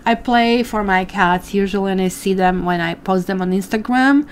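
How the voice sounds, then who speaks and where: With a mid-range voice at a moderate pace, a woman does a live tarot reading for viewers, chatty and packed with fillers and asides as she calls them "guys." A little hiss or hum sits in the background.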